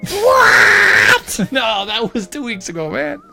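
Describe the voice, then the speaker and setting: A man's voice: sits high, creaky, shouting, loud music behind the voice. A man hosting a podcast, animatedly retelling a cartoon episode to his child and laughing often. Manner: animated, laughs often, quick voice swings for quoted characters. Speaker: podcast host.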